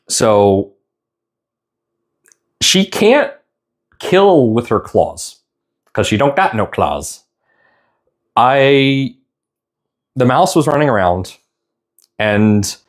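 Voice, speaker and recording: A young man chatting casually on a live stream, rambling and tender, stopping to apologize now and then. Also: medium pitch. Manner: rambling, tender, stops to apologize while tearing up.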